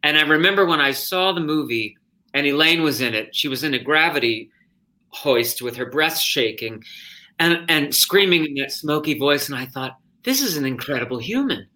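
A man, a stage actor guest, telling stories in an interview, animated and often interrupting himself. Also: on the high side, moderate pace. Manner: animated, self-interrupting storyteller. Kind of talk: anecdotal interview storytelling.

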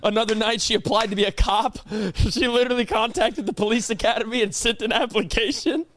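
A man's voice: high voice, fairly quick, fairly bright tone, a little hiss or hum. A young man co-hosting a podcast, chatting casually, teasing his friend and laughing often while telling stories. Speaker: podcast co-host. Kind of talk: casual chat.

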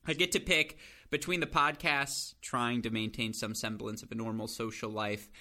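A young man hosting a casual podcast chat, an animated storyteller. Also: mid-range voice, moderate pace. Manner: animated storyteller, acts out quoted voices. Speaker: podcast host.

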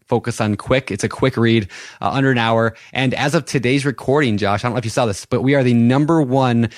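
A man's voice: medium pitch, fairly quick, no room sound, studio quality. A man co-hosting a podcast, chatting casually in an upbeat, promotional way. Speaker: podcast co-host.

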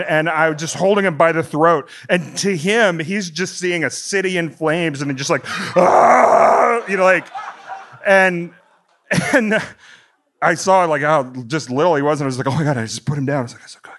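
A middle-aged man from the United States telling a long stand-up story, rambling and animated, his voice climbing high when he gets worked up. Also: normal speed, a little hiss or hum. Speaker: stand-up comedian.

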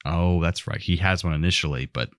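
Lively laughing man, low voice. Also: brisk, smooth, no echo, clean studio sound. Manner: animated storyteller, laughs often. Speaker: podcast co-host. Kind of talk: casual chat.

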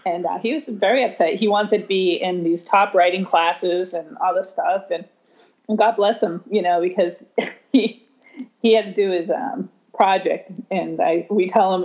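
A woman special education teacher telling a story in conversation, animated, laughing often and voicing the people she quotes. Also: mid-range voice, a little slow. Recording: slightly dull lo-fi sound.

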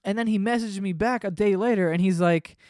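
A man spins a rambling, profane story in casual podcast chat. His voice sits a little high, with quick bursts of excitement. The sound is dry and close, with no room around it. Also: no echo. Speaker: podcast host.

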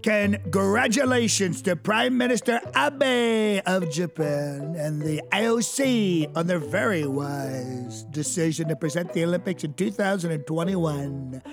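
A performer reading out a boastful politician's posts in his voice, slow and pompous, with music underneath. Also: mid-range voice, lightly acted. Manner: slow, pompous, self-congratulatory.

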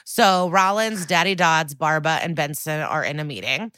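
A woman's voice: low voice, moderate pace, a bit bright, no echo. A woman podcast co-host recapping a TV episode in a casual, sardonic, swear-heavy chat. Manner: sardonic, profane, chatty.

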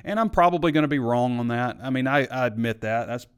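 A man's voice: mid-range voice, fast, smooth. A man hosting a live sports talk show, chatting casually and opinionated, reading viewer comments and arguing back. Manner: opinionated, conversational, frequent fillers.

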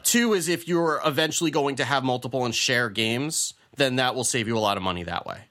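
A man co-hosting a relaxed podcast conversation, with a bright, ringing tone. He talks in a chatty, loose way, often restarting his sentences as he thinks aloud. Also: medium pitch, brisk. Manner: reads listener question then answers, chatty with many restarts. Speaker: podcast co-host. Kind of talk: casual chat.

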